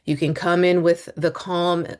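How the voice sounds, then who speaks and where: A woman's voice: on the low side, flat delivery, measured pace, darkish tone. A woman in her thirties, a homeschooling mom and business coach, talking to listeners in a loose, rambling monologue with fillers and restarts. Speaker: podcast host, business coach. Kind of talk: casual monologue.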